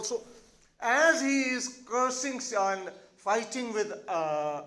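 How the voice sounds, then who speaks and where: Indian english male teacher, explains a play to students, fairly high voice. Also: lively intonation, slow pace, pushed and bright. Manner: explanatory, with frequent "all right?" checks.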